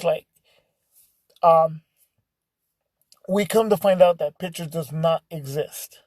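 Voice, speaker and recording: Guy with a warm mellow voice just rambling thru a story, you know this and you know that, dry room. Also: sits high, takes it slowly, long pauses, no echo. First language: bilingual English and Spanish speaker. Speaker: podcast storyteller. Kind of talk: casual spoken storytelling.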